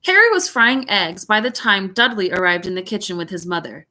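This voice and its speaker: A woman's voice: medium pitch, lively intonation, a little fast, sharp tone. Giggly woman teacher reading aloud. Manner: giggly, chatty, playful asides. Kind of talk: chatty read-aloud with asides.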